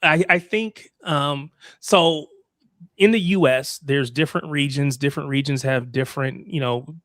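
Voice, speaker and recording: A man's voice: on the high side, a little slow, fairly bright tone, no echo, studio quality. A man from the United States in a casual football chat, curious and asking lots of questions.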